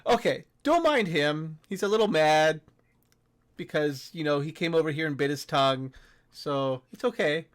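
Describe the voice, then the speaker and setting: A man playing a tabletop game, speaking in a friendly, halting way as his character. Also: a little high, lively intonation. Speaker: player.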